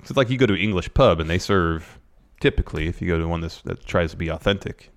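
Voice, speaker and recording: Man, podcast co-host, low voice, easygoing casual chat, matter-of-fact. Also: lively intonation, fast talker.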